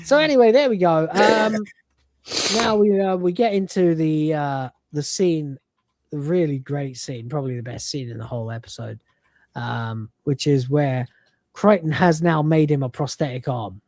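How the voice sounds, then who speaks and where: A woman's voice: sits low, moderate pace, darkish tone, no echo. A woman hosting a casual review podcast, rambling and swearing, with lots of fillers. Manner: rambling and profane, with many fillers. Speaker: podcast host.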